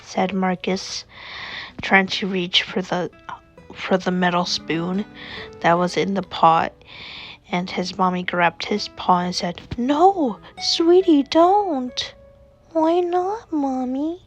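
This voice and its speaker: A woman narrating an improvised children's story in a slow, simple storybook manner. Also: on the low side, little pitch movement, faint music behind.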